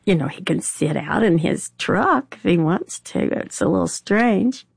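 An older Southern woman speaks slowly in a gravelly voice. She tells her story in a plain, wry way. The recording is close and dry. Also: fairly low pitch, expressive, no room sound. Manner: plainspoken, wry, laughs a little. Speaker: interviewee. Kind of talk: personal storytelling.

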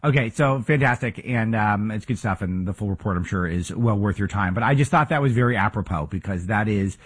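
A male talk host with a husky, slightly rough voice, pitched a little low. He argues his points emphatically and fires off rhetorical questions in a political commentary monologue. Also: fairly quick.

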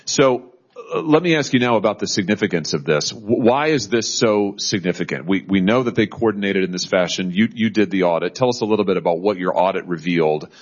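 A man chairing a formal hearing who questions witnesses in halting speech full of restarts. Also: sits low, lo-fi sound.

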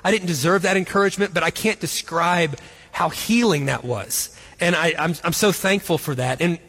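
A man's voice: on the high side, moderate pace, a bit bright, slightly rough, long reverb tail. A man in his forties telling a self-mocking story, then speaking earnestly as co-host of a Christian marriage session. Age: 40s. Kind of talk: storytelling and encouragement talk.

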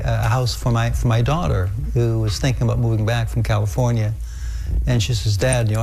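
Old guy in his 70s, dark gravelly voice, halting, bit of noise behind him. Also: mid-range voice. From Netherlands. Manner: halting, restarts phrases. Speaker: accessibility advocate. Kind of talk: archival interview clip.

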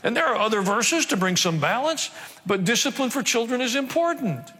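Pastor preaching in a reverberant hall. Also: male voice, very high-pitched, sing-song, a little fast, pushed and bright. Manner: wry asides, acting out quoted voices. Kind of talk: sermon. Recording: long reverb of a large hall.

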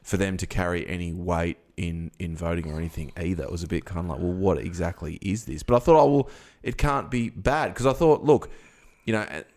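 Male co-host, very low, gravelly, rambling. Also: a little fast, few pauses, a little mellow. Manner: rambling, restarts thoughts. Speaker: radio co-host. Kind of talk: casual chat.

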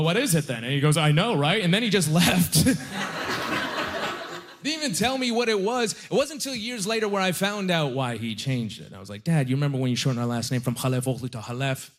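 A young man working a stand-up comedy stage. He talks in a loose, self-deprecating way, leaning on likes and you-knows, with a voice pitched a little higher than most men's. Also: lively intonation, moderate pace, background noise. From Halifax, Nova Scotia, Canada. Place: comedy club stage with a live audience.

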